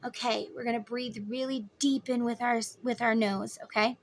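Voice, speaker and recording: A woman in her thirties giving a casual tarot reading, chatty and motherly, guiding the listener through slow breathing. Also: a little high, steady tone, a little hiss or hum. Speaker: tarot reader.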